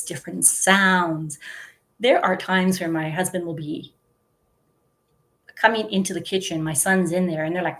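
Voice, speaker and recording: A woman in her fifties chatting casually to the camera, telling stories with giggles and lots of fillers. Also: on the low side. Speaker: vlogger. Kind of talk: casual chat.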